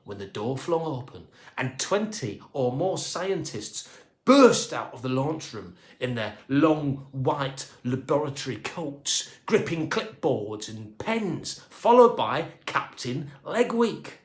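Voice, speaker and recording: A man narrating a children's storybook in an expressive, playful manner. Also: mid-range voice, slow. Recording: echoey room.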